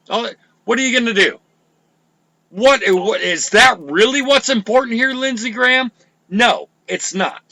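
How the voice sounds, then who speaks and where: A man's voice: very high voice, unhurried, sharp tone, no room sound, poor audio. A man hosting a live show, ranting with heat and sarcasm and plenty of swearing. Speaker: show host. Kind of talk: profane live political rant.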